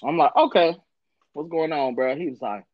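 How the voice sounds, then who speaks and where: A man's voice: fairly high pitch, moderate pace, lo-fi sound, slight background noise. A man hosting a casual podcast, telling stories with heavy cursing and acting out the people he quotes. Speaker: podcast host. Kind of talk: casual profane chat.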